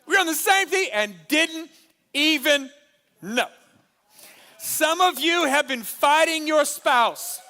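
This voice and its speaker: A man preaching at a marriage conference, animated and humorous, repeating his key lines for the crowd. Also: very high-pitched, a little slow. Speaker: pastor. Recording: long hall reverb.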